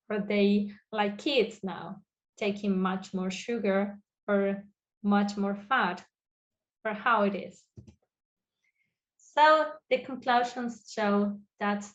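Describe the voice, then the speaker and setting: A woman from Spain, presenting a research lecture over a video call in halting, full of fillers. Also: mid-range voice, highs cut off. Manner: halting non-native phrasing with many fillers. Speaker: guest researcher.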